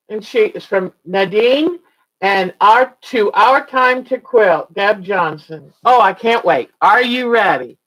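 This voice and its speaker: Woman host, unhurried, gushy and chatty, lots of delighted "oh"s while unboxing on stream. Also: mid-range voice, rough recording. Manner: gushing, exclaims "oh" often, chatty. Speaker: quilting livestream host. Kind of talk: casual livestream unboxing chat.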